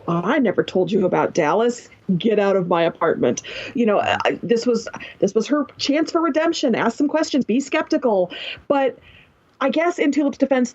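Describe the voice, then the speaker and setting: A woman's voice: a little high, a little mellow, lo-fi sound. A woman guest on a TV recap podcast, talking emphatically and with exasperation about the characters. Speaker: guest commentator. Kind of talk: casual TV recap chat.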